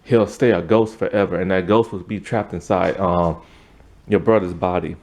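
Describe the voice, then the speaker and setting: A man's voice: deep voice, steady tone, moderate pace, a little mellow. A man voicing a cunning, cold ghost of a dead nurse woman while retelling a story offhandedly. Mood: urgent.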